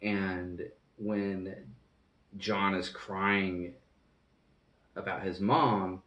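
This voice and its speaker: A man's voice: low-pitched, fairly even intonation, drawn-out words, fairly bright tone, roomy sound, recorded from a distance, muffled recording. A man giving an earnest, rambling, casual reaction to a film as a movie reviewer.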